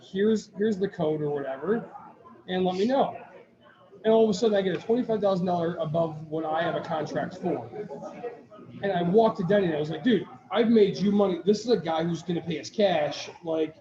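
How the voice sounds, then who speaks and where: A high-pitched man rambles through a story, starting over and acting out what people said to him. The sound is muffled and roomy, with a brewery crowd chattering behind him. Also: fairly quick. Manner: rambling storyteller, restarts, quotes others. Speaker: podcast co-host. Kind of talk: casual chat. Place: brewery taproom. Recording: echoey taproom with crowd chatter, dull sound.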